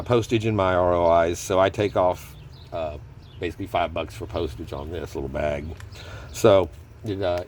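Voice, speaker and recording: Man, low-pitched, casual rambling hobby host who keeps correcting himself. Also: slight background noise. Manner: rambling, self-correcting, chuckles often. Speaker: gold prospecting hobby host. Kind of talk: casual chat. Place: table at home.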